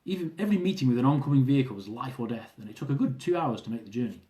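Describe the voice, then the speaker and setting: Lively man reading his travel memoir. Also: medium pitch, rapid-fire, roomy sound. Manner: lively, amused storytelling with chuckles.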